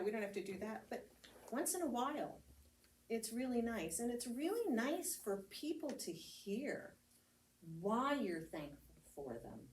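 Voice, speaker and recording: Speaking from a distance in a roomy church meeting hall, a woman reverend with an American accent tells stories in a relaxed homily, laughing and using fillers. Her voice is fairly high with a darkish tone, and there's faint ambience plus a little hiss or hum.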